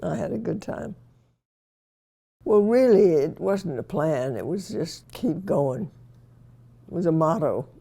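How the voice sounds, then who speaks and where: A woman's voice: lowish voice, expressive, takes it slowly, creaky, long pauses, mellow, husky. An older woman reminiscing in a casual interview, telling wry anecdotes and chuckling at herself.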